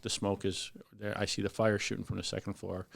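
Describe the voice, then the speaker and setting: Deep-voiced man telling a fire rescue story. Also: fairly quick, vocal fry, very noisy. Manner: animated, acts out voices in his story. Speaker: firefighter lieutenant guest. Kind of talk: casual storytelling on a podcast.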